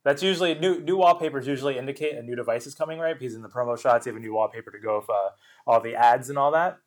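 A man's voice: medium pitch, very fast. A man co-hosting a casual tech podcast, explaining technical matters in a knowledgeable, wry way. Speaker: podcast co-host.

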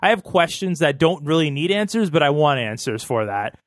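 A man chatting as co-host of a casual tech podcast, animated and slangy with the odd curse. His voice sits fairly high. The recording is close and dry. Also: brisk, no room sound.

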